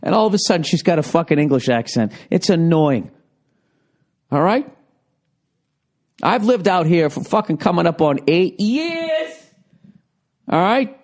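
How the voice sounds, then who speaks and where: Guy ranting and cussing on his podcast at home, kinda high voice, sarcastic rambling, handheld recorder. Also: big pitch swings, unhurried, long pauses, a little mellow. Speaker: podcast host. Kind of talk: rambling comedic monologue. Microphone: handheld digital recorder.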